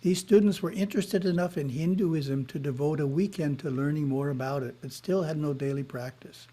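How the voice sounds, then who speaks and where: Mellow-voiced man reading a spiritual talk. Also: fairly high pitch. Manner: measured, reads aloud with short asides. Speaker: spiritual teacher. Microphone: video call.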